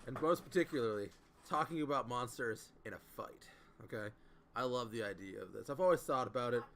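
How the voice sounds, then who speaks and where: A man co-hosting a live-streamed chat show, chiming in with dry, deadpan quips. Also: medium pitch, fairly quick, slight background noise. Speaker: podcast co-host.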